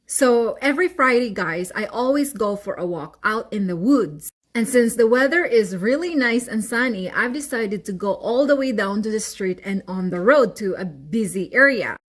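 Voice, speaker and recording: A woman from the Philippines, telling an animated storytime to her viewers. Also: fairly high pitch, normal speed, hardly any pauses. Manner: animated, chatty, addresses viewers as guys. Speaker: vlogger. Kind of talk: storytime monologue.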